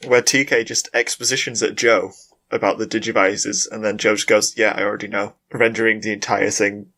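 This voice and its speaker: Deadpan, teasing male podcast co-host. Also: on the low side, normal speed. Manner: deadpan, playfully contrary. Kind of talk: casual chat.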